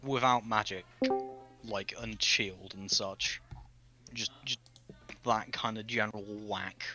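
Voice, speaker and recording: A man's voice: lowish voice, fairly even intonation, slow pace, music in the background, low-quality recording. A man who is a tabletop game player, chatting casually and rambling with lots of fillers. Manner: rambling, with many fillers and restarts.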